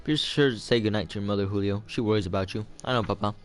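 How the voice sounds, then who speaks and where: A man's voice: fairly low pitch, fast talker. A man reading a novel aloud for homework, casual and loose, stopping to add his own comments. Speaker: reader of a novel.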